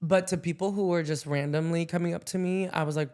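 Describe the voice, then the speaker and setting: A man's voice: a little high, fairly even intonation, fast, darkish tone. A young man co-hosting a podcast, chatting casually through a personal story with many fillers and frequent laughs. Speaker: podcast co-host.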